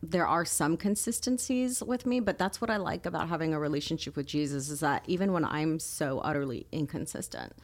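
A woman's voice: sits low, brisk, few pauses. A woman guest on a casual faith podcast, playful and self-mocking, laughing at herself.

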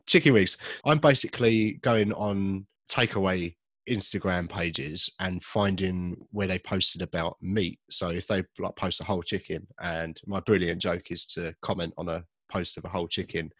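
A man's voice: sits low, fairly even intonation, normal speed, few pauses, fairly bright tone, no echo. A young man co-hosting a podcast, rambling and joking at his own expense, laughing often. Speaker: podcast co-host. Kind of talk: casual chat.

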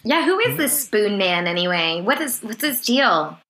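Giggly, bright-voiced woman in a roomy echo. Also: mid-range voice, very animated, normal speed. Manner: giggly, chatty, full of "like". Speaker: comedian guest. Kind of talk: casual podcast chat. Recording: roomy echo with faint noise.

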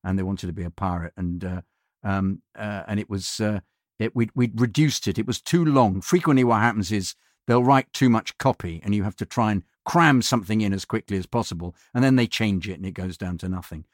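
A middle-aged man who does voiceovers, telling studio anecdotes in a casual, halting way, full of fillers and restarts, and often acting out other people's voices. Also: lowish voice, no echo. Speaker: voiceover artist.

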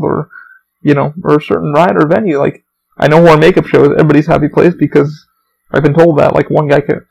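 A man's voice: a little high, vocal fry, a little mellow, slightly rough, poor audio. A man hosting his own podcast, telling rambling, profane stories about his theme park job. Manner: profane, rambling, heavy swearing. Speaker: podcast host. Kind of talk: rambling casual storytelling.

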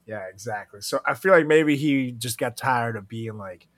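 A man's voice: medium pitch, normal speed, fairly bright tone. A man co-hosting a casual podcast chat, joking crudely and laughing often. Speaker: podcast co-host.

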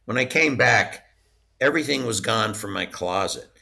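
A man speaks as an interview guest recalling his years in merchandise licensing. His voice sits low but has a bright, forceful edge. He tells stories in a loose, chatty way and often breaks into laughter. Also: lively intonation, normal speed, gravelly. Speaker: interview guest, former studio licensing executive. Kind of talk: casual anecdotal storytelling.

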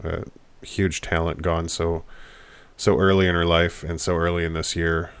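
A man hosting a podcast, speaking in a somber, low-key, unhurried way. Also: little pitch movement, smooth, no echo. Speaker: podcast host. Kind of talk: casual podcast talk.

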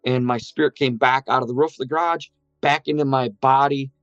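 A man's voice: mid-range voice, fairly even intonation, fairly quick, smooth, no echo. A man giving an earnest spoken account of a near-death experience, acting out what others said. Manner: earnest storytelling, quoting voices. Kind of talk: personal testimony. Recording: muffled sound with soft music under it.

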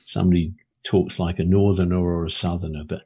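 A man's voice: deep voice, little pitch movement, fairly quick, mellow, slightly rough, lo-fi sound. A British man, an author, chatting casually and rambling a little, restarting his sentences with plenty of ums. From Britain. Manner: rambling, self-correcting, with many ums and restarts. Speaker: author and podcast guest. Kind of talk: casual chat.

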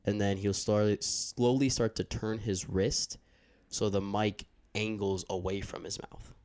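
A young man who handles audio for his podcast chats casually about his audio habits, rambling and breaking off mid-thought. Into a handheld mic, he speaks at a measured pace in a lowish, darkish voice with a steady tone.

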